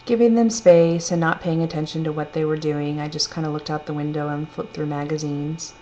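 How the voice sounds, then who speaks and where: A woman telling a personal story in a gentle, reflective, unhurried way. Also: low voice, steady tone. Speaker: storyteller sharing a personal testimony. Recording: dull lo-fi recording with faint hum.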